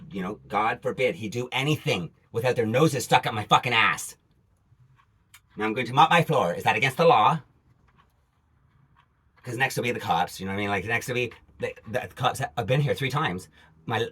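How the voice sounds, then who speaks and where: Brief: Canadian man, profane angry vlog rant, bright and husky. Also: mid-range voice. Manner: profane, agitated ranting with repeated asides. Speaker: vlogger.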